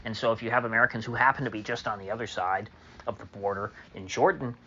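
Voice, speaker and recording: A man's voice: lowish voice, steady tone, quick pace, pushed and bright, dull audio, slight background noise. A man delivering a solo opinion monologue as a political commentator, sarcastic and mocking, with many fillers.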